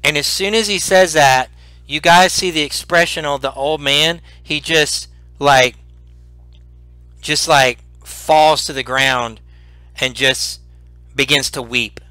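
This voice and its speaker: A man narrating a tabletop role-playing game as game master, animated and full of restarts. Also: a little high, slow, long pauses, clean tone, no echo, low-quality recording. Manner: animated, repeats words and restarts.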